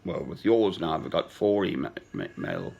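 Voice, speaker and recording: A man in his sixties talking in a slow, sentimental, rambling personal monologue with chuckles. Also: a bass voice, sing-song, gravelly, darkish tone, breathy edge, lo-fi sound. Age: 60s. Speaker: speaker addressing a woman.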